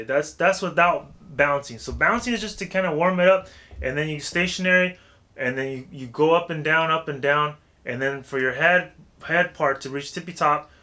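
A man giving a casual vocal warm-up tutorial, talking loosely with lots of filler phrases. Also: a little high. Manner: loose and chatty, heavy with "like" and "you know what I'm saying".

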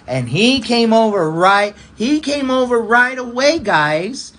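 A man, a pastor, telling a personal testimony in a halting, repetitive way, circling back over the same phrases. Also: sits high, very animated, fairly bright tone, low-quality recording.

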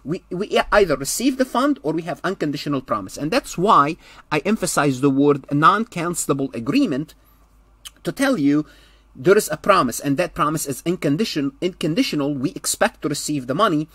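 Husky, lively-pitched male accounting lecturer. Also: no room sound. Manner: explains step by step, repeats key points, frequent restarts. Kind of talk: recorded lecture.

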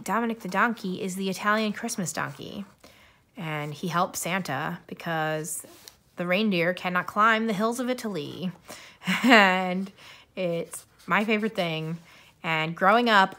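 A woman's voice: fairly low pitch, bright, forceful tone. A young woman chatting casually to camera as a vlogger, rambling and giggling between thoughts. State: coughing, tiring voice. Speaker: YouTuber.

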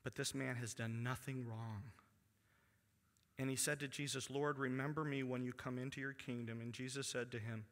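A pastor preaching a sermon to his congregation. He reads scripture aloud and drops to a hushed voice for emphasis. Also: mid-range voice, fairly even intonation, normal speed. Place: church sanctuary. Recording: long church hall reverb.

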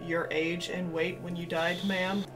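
A woman's voice: fairly low pitch, little pitch movement, unhurried, over music, lightly acted. A woman playing a swaggering, crude male ghost hunter who panics easily, in a comedy sketch. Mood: brash. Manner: brash, crude, panicky outbursts.

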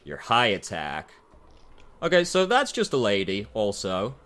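A man's voice: fairly low pitch, huge pitch swings, a little slow, a bit bright. A man giving dry, sarcastic commentary over a game he dislikes, swearing freely. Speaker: game reviewer.

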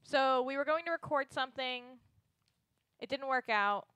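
A woman's voice: sits high, normal speed, a bit bright, clean tone, dry recording. A woman chatting casually with other players on a game stream.

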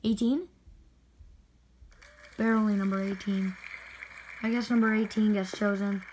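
A woman hockey video creator giving excited spin-the-wheel commentary with indignant outbursts. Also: mid-range voice, unhurried, a little hiss or hum, poor audio.

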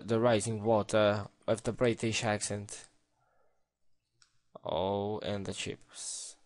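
A man's voice: on the low side, steady tone, slow, a little mellow. A man giving casual game commentary, playful, exclaiming and talking to himself as he plays. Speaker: let's play gamer.

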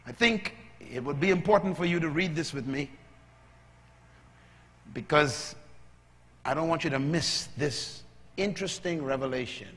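A man preaching a sermon as a pastor, moving from calm teaching to loud, shouted preaching. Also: on the high side, a little slow, pauses often. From Bahamas. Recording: long hall reverb.

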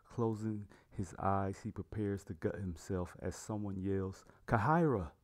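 A man with a low voice reads a fantasy story aloud. His narration is plain and even, like a storybook read. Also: measured pace. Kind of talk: storybook reading.

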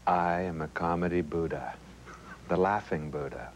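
A man in his forties from Los Angeles, a comedian speaking playfully in a relaxed interview. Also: sits low, moderate pace, a crowd in the background, poor audio. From suburban Los Angeles. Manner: playful, demonstrates voices while explaining. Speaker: comedian and actor, interview guest.

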